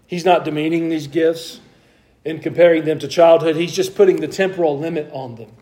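A man's voice: on the high side, fairly even intonation, fairly quick, warm tone. A male pastor giving an expository sermon, reading long scripture passages aloud and then explaining them with rhetorical questions. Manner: asks the congregation rhetorical questions.

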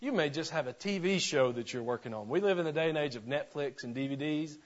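A male pastor preaching a sermon in church, folksy, with joking asides, slowing down to stress scripture. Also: on the high side, expressive, highs cut off.

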